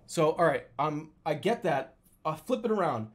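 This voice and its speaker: A young man casually telling a story, swearing freely and loudly acting out the lines he quotes. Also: on the high side, animated, normal speed. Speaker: storyteller recounting a dream.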